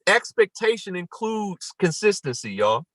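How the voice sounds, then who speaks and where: A man giving an emphatic motivational talk on a morning call, repeating his points and rising to near-shouts. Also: high voice, big pitch swings, measured pace, dry recording, poor audio.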